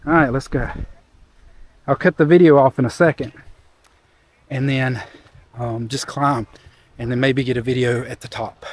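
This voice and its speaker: A man's voice: mid-range voice, fairly even intonation, moderate pace, long pauses. A man in his forties chatting casually to viewers on a handheld camera as he hikes a windy hilltop trail above a cove. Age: 40s. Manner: chatty, addresses viewers while hiking. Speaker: travel vlogger. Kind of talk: casual vlog chat to camera. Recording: outdoor wind noise on the mic. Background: gusting wind.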